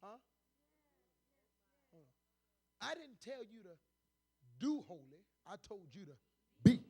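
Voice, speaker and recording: A man in the pulpit with a high, gravelly voice that leaps between near-whispered lines and roaring exhortations. He calls out to the congregation and bursts into tongues. The pitch swings wide and lively. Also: slow pace. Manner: swings from hushed murmurs to shouted exhortations. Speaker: preacher. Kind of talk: charismatic sermon. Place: church sanctuary with congregation.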